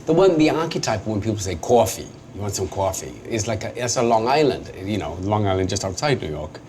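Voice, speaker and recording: A Welsh man in his thirties, an actor guest telling stories in a casual interview, self-deprecating and quick to laugh. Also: lowish voice. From Wales. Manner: animated storyteller, self-deprecating, laughs often. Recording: noisy background.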